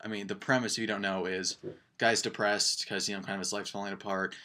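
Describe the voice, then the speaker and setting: A man's voice: on the low side, flat delivery, fast, sharp tone. Rambling young man reviewing a film. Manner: rambling, filler-heavy, enthusiastic. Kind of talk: casual vlog movie review.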